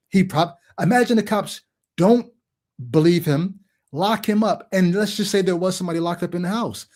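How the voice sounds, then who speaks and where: Animated man hosting a call-in stream. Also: sits high, moderate pace. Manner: animated storytelling, acts out quoted voices; talks to the chat directly. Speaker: call-in show host. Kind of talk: livestream monologue.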